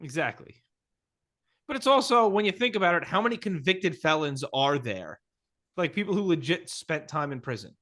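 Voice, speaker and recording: A man's voice: fairly high pitch, very animated, normal speed, bright, forceful tone. A man co-hosting a podcast in casual chat, making snarky, profane jokes. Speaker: podcast co-host.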